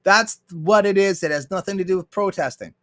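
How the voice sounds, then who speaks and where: A man's voice: high voice, fairly quick. Profane man ranting. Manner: profane, blunt and argumentative; reads viewer chat aloud. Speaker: livestream host. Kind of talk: casual ranting commentary.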